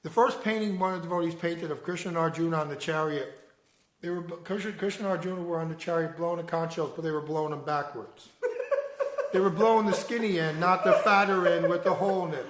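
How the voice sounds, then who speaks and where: Man, high pitch, jovial co-storyteller who fixes the details, roomy echo on the voice. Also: quick pace. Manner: corrects details, laughs while talking. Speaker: storyteller recalling past travels. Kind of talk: casual reminiscing conversation. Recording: roomy echoey room.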